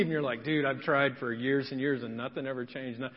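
A man's voice: mid-range voice, steady tone, a little fast. A man preaching a sermon as pastor, dramatic, acting out the voices of the people in his story. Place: church sanctuary. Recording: dull, long church reverb.

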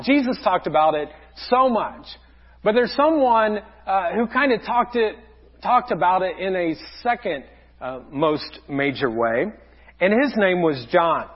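A male pastor delivers a sermon in a high, earnest voice. He often sinks into quiet, tender asides. The recording is a little dull and muffled. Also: husky. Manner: earnest, with many soft low asides.

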